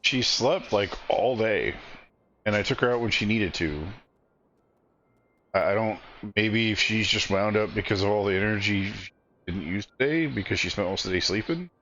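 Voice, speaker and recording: A man's voice: fairly low pitch, normal speed, fairly bright tone, dull audio, slight background noise. A man casually chatting and joking while streaming a game. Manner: chatty, joking, reads game dialogue aloud. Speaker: streamer playing an online game.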